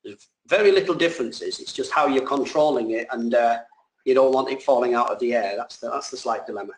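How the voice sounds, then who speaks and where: A man's voice: medium pitch, fairly quick. Man in an echoey room. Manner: rambling, self-correcting. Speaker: drone pilot and trainer, guest. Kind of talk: casual explanatory answers.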